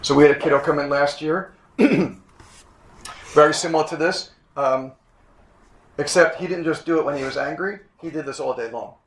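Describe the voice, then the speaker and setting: A man in his sixties, a chiropractic instructor giving a classroom lecture, emphatic, repeating his points and often clearing his throat. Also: fairly high pitch, normal speed, long pauses. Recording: echoey room.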